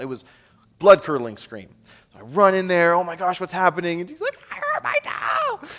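A man in his thirties preaching a sermon from a church stage. He tells a family story with earnest, excitable energy and laughter. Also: medium pitch.

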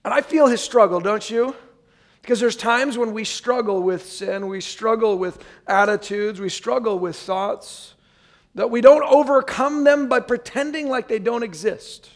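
High-voiced, gravelly male preacher. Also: a little slow. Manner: conversational preaching with frequent asides to the congregation. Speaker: pastor. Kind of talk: sermon. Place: church.

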